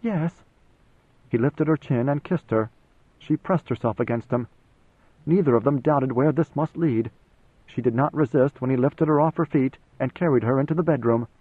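A man narrating an audiobook in an even, steady storytelling manner. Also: medium pitch, normal speed, breathy edge, no echo. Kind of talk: scripted narration. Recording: dry, phone-like narrow sound.

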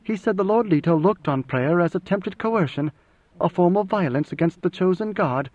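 A man's voice: high-pitched, animated, normal speed, a little mellow, dry recording, dull audio, pitched above the performer's own voice. A man reading a young woman's lines in a slightly raised voice, earnest and restrained. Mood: lilting.

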